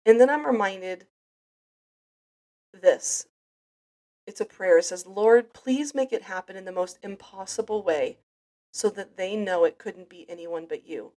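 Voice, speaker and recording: A woman's voice: mid-range voice, unhurried, pauses often, mellow. A woman hosting a personal faith podcast, talking in an earnest, reflective way with frequent restarts. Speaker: podcast host.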